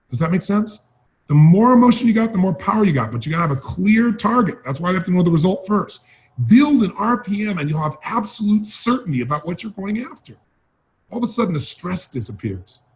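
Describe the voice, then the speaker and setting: A man's voice: high-pitched, animated, fast, a little mellow. A man giving an emphatic motivational training talk, urging and repeating key phrases. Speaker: motivational speaker.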